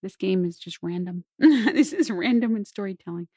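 A woman's voice: medium pitch, animated, normal speed, mellow, husky, no room sound. A woman co-hosting a podcast, guessing answers in a good-humored, laughing casual chat. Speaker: podcast co-host.

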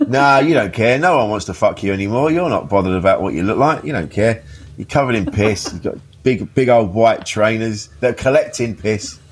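Husky, laughing man in his fifties. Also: on the low side, fairly quick. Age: 50s. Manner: animated storyteller, laughs often, swears freely. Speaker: interview guest. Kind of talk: casual podcast chat.

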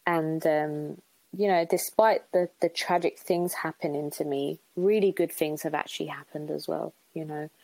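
A woman's voice: sits low, fairly even intonation, normal speed, warm tone, no room sound, low-quality recording. A young woman, a podcast guest, talking openly and from the heart, with lots of fillers and restarts. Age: young adult. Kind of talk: reflective podcast conversation.

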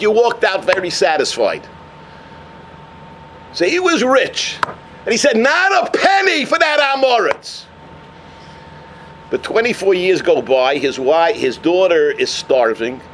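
A man telling stories in a sermon as a Torah teacher, animated, with Hebrew and Yiddish terms woven into his English. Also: high voice, a little hiss or hum. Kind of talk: sermon storytelling.

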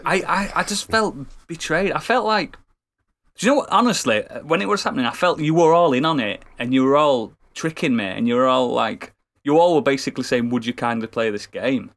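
A man with a British accent, chatting casually as a podcast co-host, animated, laughing and swearing often. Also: fairly high pitch, brisk. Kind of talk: casual chat.

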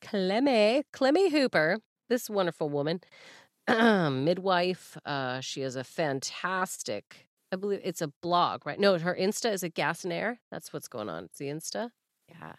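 A woman hosting a podcast, full of animated swoops in her voice as she jokes and tells stories. She sits a little low in pitch for a woman. The recording is dry and close. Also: a little slow, no echo. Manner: animated, jokey storytelling with playful voices. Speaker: podcast host. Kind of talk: casual chat.

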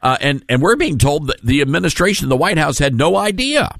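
A man's voice: fairly high pitch, very animated, fairly quick, gravelly, a bit bright, no room sound. A man hosting a conservative talk radio show from a studio, telling folksy joking stories with a froggy voice from the flu. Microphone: studio mic.

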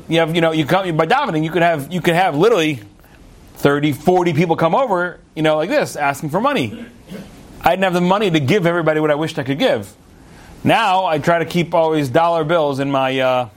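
A young American man giving a storytelling Torah talk, chatty and animated, with restarts and asides. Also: fairly high pitch. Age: young adult. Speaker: rabbi.

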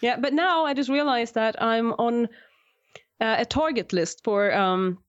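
A woman's voice: on the high side, measured pace. A woman being interviewed about her work, talking casually with frequent laughs and restarts. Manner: laughs often, many restarts and fillers. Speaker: guest, science communicator. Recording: slightly dull lo-fi audio.

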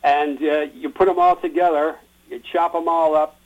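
A man's voice: on the high side, moderate pace. Man explaining a tradition, dull lo-fi sound. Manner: plain-spoken, relaxed explaining with some fillers. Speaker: guest explaining a Burns supper. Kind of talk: explanatory chat.

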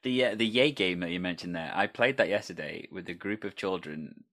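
A man's voice: low-pitched, brisk, a bit bright. A man hosting a casual interview, upbeat and jokey as he steers the talk with questions.

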